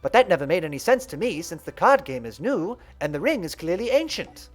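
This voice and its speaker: Polite soft-spoken teen boy read by a man, gentle, lively pitch. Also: a little fast, soft background music. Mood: calm. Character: gentle polite teenage boy with mystic ring.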